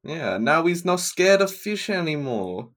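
Male podcast co-host, slightly high and very animated, jokes and swears. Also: a little slow. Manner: laughing, joking, sweary. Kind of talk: casual chat.

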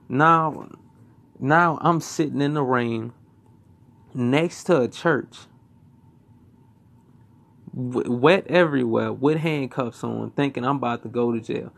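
Gravelly young man telling a story. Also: mid-range voice, takes it slowly, pauses often, fairly bright tone. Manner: swearing, rambling, repeats himself. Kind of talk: casual personal storytelling.

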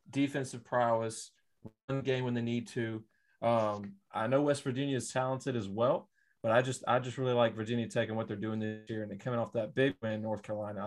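A man as a podcast guest, talking through his sports picks in a relaxed, rambling way. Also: mid-range voice. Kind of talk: casual sports analysis chat.

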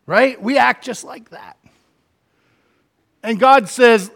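A middle-aged man preaching a sermon, animated, acting out quoted complaints with big swings from quiet to loud. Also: very high-pitched, takes it slowly, pauses often. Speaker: pastor.

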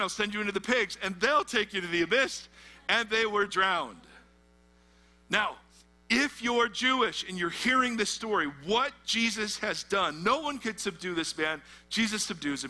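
A man's voice: high-pitched, pushed and bright. A middle-aged man, a pastor, preaching a conversational sermon and quizzing his listeners with fill-in questions. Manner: asks the audience fill-in questions, conversational and emphatic. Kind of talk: sermon, teaching through a Bible passage.

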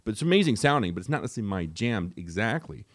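Fast-talking, opinionated young man. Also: on the low side, no room sound, studio quality. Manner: rapid, opinionated, animated asides. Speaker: podcast co-host. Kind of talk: casual podcast chat.

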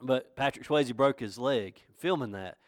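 A man's voice: medium pitch, a little slow, no room sound, clean studio sound. A man pastor from North Carolina with a Southern accent, preaching a sermon in a folksy, conversational way that rises to emphatic questions. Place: church.

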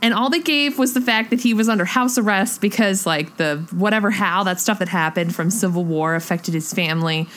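A young woman chatting casually and excitedly about a film, gushing, with lots of "like" fillers. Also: medium pitch, fairly quick, hardly any pauses.

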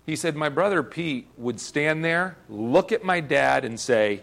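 A man's voice: on the high side, expressive, unhurried, gravelly, fairly bright tone. A man preaching a sermon, earnest and emphatic, often repeating words as he presses a point. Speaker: pastor.

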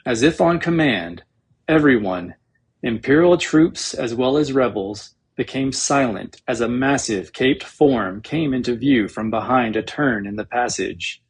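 A man reading a novel aloud as an audiobook narrator, in a measured, dramatic storytelling manner with a husky voice. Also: medium pitch, lively intonation.

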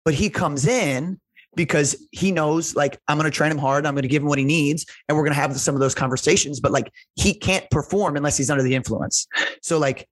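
A strength coach tells stories in casual conversation, earnest and emotional, rambling along with heavy use of "like" and "right?". His voice is a little high and a little fast, with no room sound.

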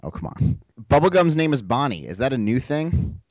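A man's voice: mid-range voice, very animated, moderate pace, darkish tone, dry recording, lo-fi sound. A man co-hosting a podcast, chiming in to correct details and tease. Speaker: podcast co-host. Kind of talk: casual podcast chat.

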